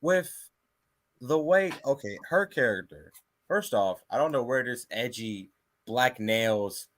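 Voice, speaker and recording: A man's voice: medium pitch, expressive, takes it slowly, no echo, clean studio sound. A man co-hosting a casual podcast, ranting and mocking a film with swearing and exaggerated impressions. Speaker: podcast co-host. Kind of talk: casual movie rant.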